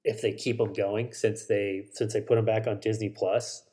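A man's voice: fairly low pitch, level tone, moderate pace, dark tone. A man hosting a solo podcast, rambling casually about shows and movies, swearing and correcting himself as he goes. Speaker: podcast host.

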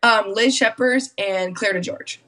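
A woman's voice: medium pitch, a little slow, pushed and bright, recorded from a distance. A young woman from Minnesota, a guest on a podcast, telling stories in casual chat and acting out what people said. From Minnesota, USA. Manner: chatty storyteller, acts out quotes. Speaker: guest hockey player.

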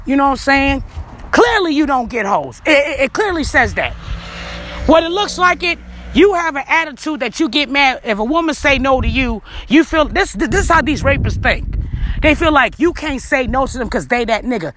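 Brief: high-pitched woman vlogger, bright and forceful, profane and emphatic, faint vehicle hum behind. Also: expressive, moderate pace. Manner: blunt, profane and emphatic, lecturing the listener directly. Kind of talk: ranting commentary to camera.

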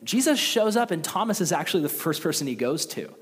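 A man preaching a sermon in a casual, conversational and animated way. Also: on the high side, fairly quick. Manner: conversational, animated, with acted quotes. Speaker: pastor. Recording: long reverb of a large hall.

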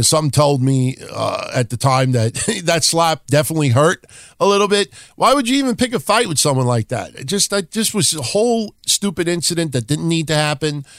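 Male podcast host, slightly higher voice, blunt and profane, dry close sound. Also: lively intonation, a little fast, dry recording. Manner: blunt and profane, wry asides. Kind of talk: casual wrestling history talk.

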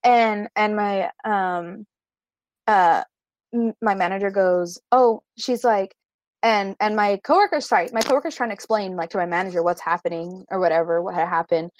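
This is a young woman co-hosting a podcast from a home setup, casually recounting a work story with plenty of filler words and rambling. Her medium-pitched voice is brisk and fairly even in intonation, with no room sound.

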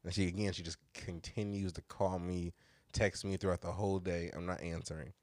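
A man telling a story in casual chat, his voice jumping up high whenever he acts out a line. The sound is dry and close, with no room behind it. He swears a lot and laughs as he goes. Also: little pitch movement, brisk, a little mellow, no echo.

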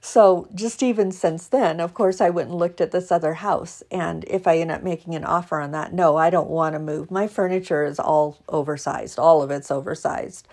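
A middle-aged woman talks casually to her followers in a slightly low voice. She is chatty and animated and laughs often. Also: normal speed, few pauses. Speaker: vlogger.

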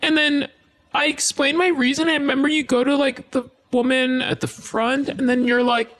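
A woman's voice: high voice, level tone, normal speed. A woman telling a personal story in a casual, rambling way, full of "like" and frequent swearing.

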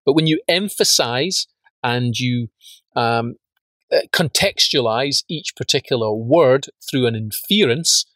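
A man's voice: mid-range voice, fairly bright tone, no room sound. Emphatic man teaching with dry close sound. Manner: emphatic, rhetorical questions, repeats words. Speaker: business course teacher. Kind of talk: spoken lesson on facts and truth.

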